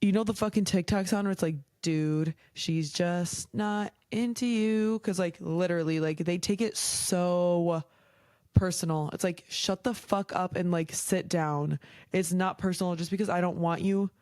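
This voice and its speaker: A woman's voice: lowish voice, steady tone, normal speed, a little mellow, no echo. A young woman hosting a podcast, chatting casually and frankly, heated and swearing often, with a lot of "like". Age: young adult. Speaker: podcast host. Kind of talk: casual chat.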